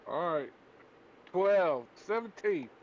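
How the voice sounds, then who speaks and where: A man's voice: high-pitched, lively intonation, slow pace, highs cut off, a little hiss or hum. A young man playing a tabletop game, talking in a sarcastic, joking, profane way. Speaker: player. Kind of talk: casual tabletop play.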